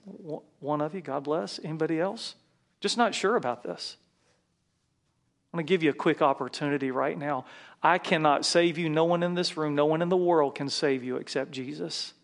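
A man's voice: fairly high pitch, brisk. A man preaching a sermon as a pastor in a church, leading his congregation in call-and-response and prayer.

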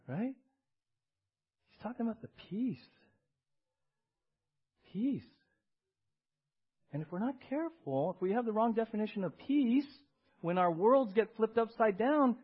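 Husky high-voiced pastor preaching. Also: male voice, expressive, a little slow, pauses often. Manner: emphatic, rhetorical questions, repeats key words. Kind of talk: sermon. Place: church service. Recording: dull lo-fi sermon audio.

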